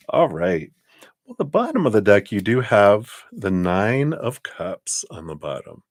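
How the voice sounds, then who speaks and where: Deep-voiced man giving tarot readings. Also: huge pitch swings, unhurried, hardly any pauses, dry recording, studio quality. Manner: chatty, rambling, upbeat. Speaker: tarot reader. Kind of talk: live-stream tarot reading.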